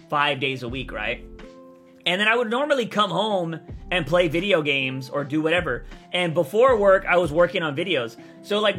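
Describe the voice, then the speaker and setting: A young man chats casually on a livestream, blunt and rambling, cursing freely as he answers viewers. His voice sits a little high and sounds bright and forceful, though a bit raspy today. Faint music plays under him. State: voice feels raspy. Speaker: content creator streamer.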